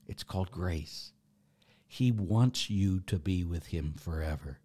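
A man's voice: low voice, lively intonation, slow, dark tone, slightly rough. A middle-aged man, a Catholic priest, preaching in a folksy, joking way with emphatic bursts. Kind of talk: informal preaching talk.

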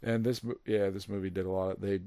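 An American man chatting casually over beers as podcast co-host, excitable and animated. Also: lowish voice, fast talker, smooth, no room sound. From United States. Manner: excitable, animated, laughs often.

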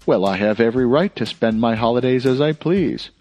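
A man reading an audiobook, voicing a clever young man who speaks softly, politely and playfully. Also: medium pitch, animated, fairly quick, soft background music, voice pushed up, close to an everyday voice.

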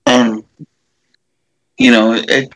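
A man's voice: mid-range voice, flat delivery, very slow, fairly bright tone, no echo, low-quality recording. A man casually retelling a movie scene, rambling with many fillers and restarts.

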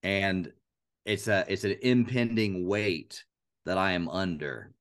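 A man co-hosting a podcast, talking about scripture in an earnest, animated way and repeating phrases aloud to show a point. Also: low voice, slow. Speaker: podcast co-host. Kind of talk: casual Bible discussion.

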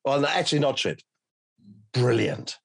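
A man's voice: mid-range voice, moderate pace, gravelly, fairly bright tone, husky, no echo. A male interview host who reacts with short remarks and reflective questions. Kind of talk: interview conversation.

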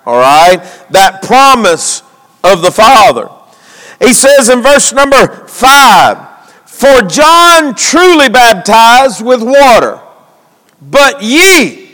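High-voiced preacher, slow and resonant. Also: male voice, fairly bright tone. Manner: calls for responses from the congregation. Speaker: pastor. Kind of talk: sermon. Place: church sanctuary. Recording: long hall reverb.

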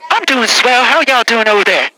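A man's voice: very high-pitched, very animated, moderate pace, pushed and bright, a faint crowd, voice pushed up, exaggerated voice, low-quality recording. A man voicing a folksy, chipper pastor who calls in to a comedy podcast and says "y'all". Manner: cheery drawl, says y'all.

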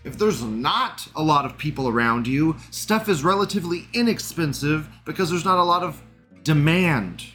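A man's voice: fairly high pitch, expressive, normal speed, bright, forceful tone, soft background music. A man hosting a live show, talking in a casual, sarcastic and profane commentary style, with frequent laughs.

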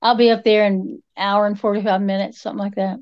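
A woman chatting casually as a podcast co-host, relaxed and folksy, laughing easily. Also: medium pitch, fast talker. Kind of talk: casual chat. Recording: dull lo-fi sound.

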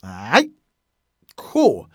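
A man's voice: medium pitch, wildly swooping pitch, fairly bright tone, husky, no echo. Man, podcast host, casual phrase lesson, repeats things, dry close sound. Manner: repeats phrases slowly, many fillers.

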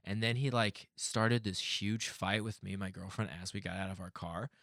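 A man's voice: fairly low pitch, fairly even intonation, normal speed, gravelly, a bit bright, no echo, clean studio sound. A man telling rambling neighborhood stories in casual podcast chat, swearing often and laughing as he talks.

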